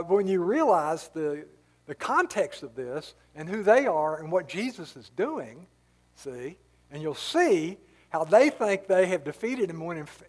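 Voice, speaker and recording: A male pastor giving a conversational Bible-teaching sermon, explaining the story casually with many asides. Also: on the high side.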